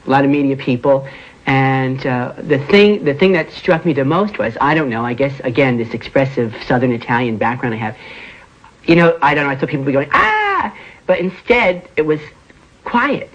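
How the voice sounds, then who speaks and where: A man in a documentary interview, recalling events in halting, emotional speech with many fillers. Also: mid-range voice. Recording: dull lo-fi recording.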